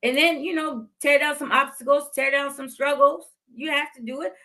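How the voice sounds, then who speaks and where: High-pitched, bright, and forceful yet steady in tone, a woman in her fifties talks at normal speed as a podcast host. She gives heartfelt faith-based motivation, repeating phrases for emphasis.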